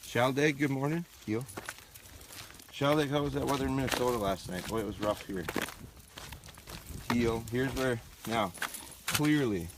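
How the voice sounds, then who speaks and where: A dog trainer streams live outdoors from a rural farm, chatting to viewers and giving his dogs short, firm commands. His medium-pitched voice has a measured pace with frequent pauses, picked up by a phone or camera on a tripod in a noisy outdoor livestream.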